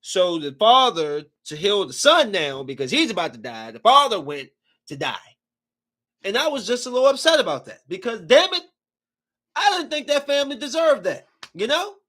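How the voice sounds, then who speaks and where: A man's voice: high-pitched, moderate pace. A man hosting a podcast who rambles and recaps a movie in a casual, emphatic way. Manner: rambling, animated, emphatic storytelling. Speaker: podcast host. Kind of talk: casual chat.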